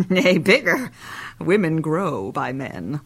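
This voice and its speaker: A woman's voice: low voice, sing-song, slow, creaky, slightly rough, full character voice. An actress playing a chattering, bawdy old female nurse who rambles on and laughs at her own jokes in a Shakespeare reading. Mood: rambling. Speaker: actor.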